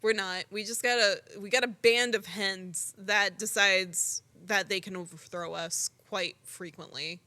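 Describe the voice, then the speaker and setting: A young woman co-hosting a podcast, telling stories in an animated, casual way full of "like" and the odd swear word. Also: medium pitch, a little slow, hardly any pauses. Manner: animated storytelling, frequent "like" and swearing. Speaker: podcast co-host. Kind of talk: casual chat.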